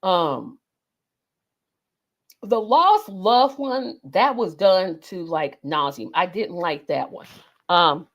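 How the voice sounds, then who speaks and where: A woman's voice: lowish voice, animated, slow pace, pauses often. A woman, chatting casually as host in a rambling monologue full of ums and self-corrections.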